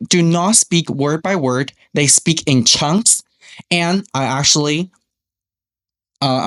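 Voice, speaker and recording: A man from Taiwan, whose first language is Mandarin, teaches English in a podcast lesson on speaking skills. His fairly high, somewhat bright voice explains step by step and models example phrases aloud.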